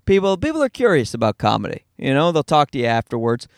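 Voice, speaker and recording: Fast-talking Newfoundland man in a car. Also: mid-range voice, wildly swooping pitch, gravelly, no room sound, clean studio sound. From Newfoundland, Canada. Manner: fast-talking, profane, self-deprecating. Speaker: stand-up comedian, podcast host. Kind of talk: casual rambling monologue.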